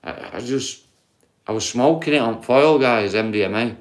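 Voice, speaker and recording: A man's voice: medium pitch, normal speed. A man with a Yorkshire accent hosting a livestream, telling rambling, sweary stories and chatting to his viewers. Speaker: livestream host.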